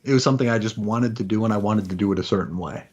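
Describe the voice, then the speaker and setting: Husky-voiced man in casual podcast chat. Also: lowish voice, rapid-fire, darkish tone, highs cut off. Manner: laid-back, short agreeing replies. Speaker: podcast co-host.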